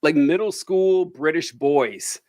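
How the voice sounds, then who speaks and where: A man hosting a casual chat, telling animated stories and laughing often. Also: a little high, slow, dry recording. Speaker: host.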